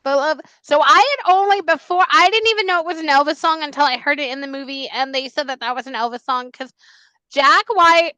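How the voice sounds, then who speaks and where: A woman's voice: high-pitched, fairly quick, sharp tone, dry recording, rough recording. A woman hosting a podcast, chatting in a gushing, emphatic way. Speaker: podcast host. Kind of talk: casual podcast chat.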